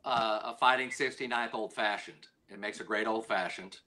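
A man's voice: on the low side, normal speed, pushed and bright. A man guest talking about cocktails, hesitant and stammering but enthusiastic. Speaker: brand representative guest. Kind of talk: casual interview.

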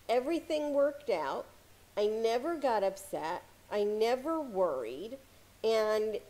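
A woman giving casual motivational advice to camera as a success coach, talking calmly with frequent "you know" fillers. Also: mid-range voice. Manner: calm, conversational, many "you know" fillers.

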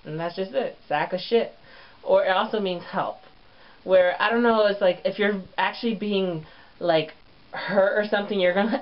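A man's voice: sits high, normal speed. A man hosting his own comedy vlog show, sassy and crude, with lots of swearing. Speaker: show host. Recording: lo-fi dull recording.

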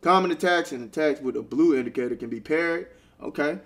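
A young man giving excitable, casual commentary while playing a video game and talking back to the characters. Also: a little high, fast. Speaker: gaming streamer. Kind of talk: casual let's-play commentary.

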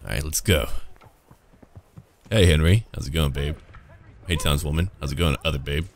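A man's voice: rumbling low, moderate pace, vocal fry, a little hiss or hum. A man streaming a video game, chatting casually with viewers and joking irreverently as he plays. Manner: joking, irreverent, talks to chat. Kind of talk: casual gameplay commentary.

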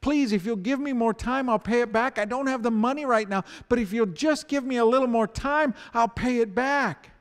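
A man's voice: very high-pitched, moderate pace, hardly any pauses, clean tone, in a large hall, voice pushed up. A man voicing a desperate debtor on his knees, pleading in a strained, raised voice. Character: desperate male debtor begging for mercy.

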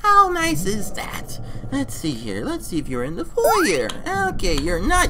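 A woman giving let's play commentary on a game, excitable and exasperated, talking to the character on screen. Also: fairly high pitch, moderate pace, very noisy. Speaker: gamer. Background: game music.

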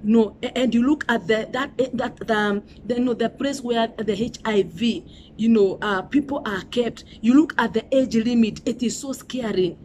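A middle-aged Kenyan woman delivers a sermon in a fairly high voice. She preaches emphatically and repeats herself, with "you know" and "Hallelujah" running through her speech. A faint hum of ambience sits behind her. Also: normal speed, a little mellow.

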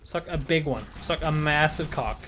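A man giving let's play commentary on a shooter game, frustrated and swearing, shouting at enemies. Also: a little high, moderate pace, slight background noise. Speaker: gaming YouTuber.

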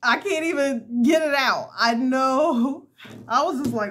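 A woman's voice: sits high, measured pace, a bit bright, a little hiss or hum. A woman hosting a casual crochet tutorial, chatty and laughing at herself as she works.

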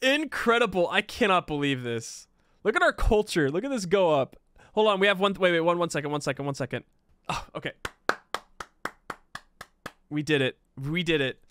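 A man giving casual, excitable commentary while playing a video game, exclaiming and laughing at what happens. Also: on the high side, moderate pace, long pauses, clean tone.

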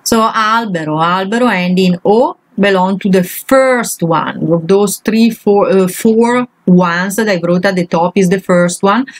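A woman's voice: fairly low pitch, dry recording, low-quality recording. A woman, a language teacher, patiently walking through grammar exercises one example at a time. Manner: patient, walks through each example step by step.

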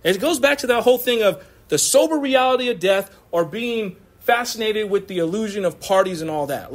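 A male pastor giving a lively, casual sermon in church, mixing slang and laughter into his preaching. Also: high voice. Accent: American.

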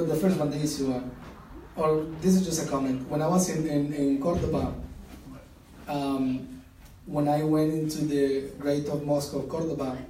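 A man's voice: on the high side, mellow, a little hiss or hum. Hesitant man in an echoey hall. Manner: hesitant, restarts often. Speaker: audience member. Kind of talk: question from the audience. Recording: echoey room, mic far off.

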